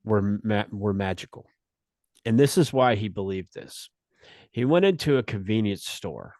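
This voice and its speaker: A man with a low voice tells stories on a casual podcast. He talks in an easygoing way, full of restarts and "you know". The sound is dry and close. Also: lively intonation, moderate pace, a little mellow, no echo. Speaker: podcast guest. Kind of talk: casual chat.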